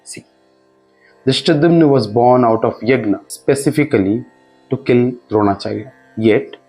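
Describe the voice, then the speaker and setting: A man explains an old text word by word, in a middle-pitched voice. He is patient and unhurried, pausing to think now and then. Soft music plays faintly behind him. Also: rough recording. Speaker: scripture teacher. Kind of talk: explanatory lesson narration.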